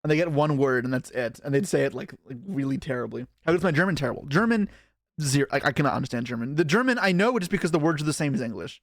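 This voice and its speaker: A man's voice: on the high side, lively intonation, fast talker, dry recording, clean studio sound. A young man from Canada chatting casually on a live stream, rambling and self-deprecating as he reacts to chat.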